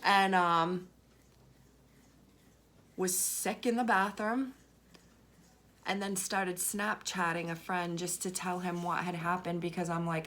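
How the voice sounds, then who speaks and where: A woman's voice: lowish voice, flat delivery, slow pace, long pauses, a bit bright. Young boston woman, tarot vlogger, rambly and sweary, lots of "like", talks it out casually. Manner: candid, swears freely, rambling with many "like"s. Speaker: tarot reader. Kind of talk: casual storytelling vlog.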